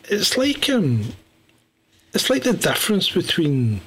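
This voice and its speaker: A man's voice: high-pitched, huge pitch swings, takes it slowly, a bit bright, a little hiss or hum. A man co-hosting a casual chat show, blunt and repetitive, often laughing. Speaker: podcast co-host.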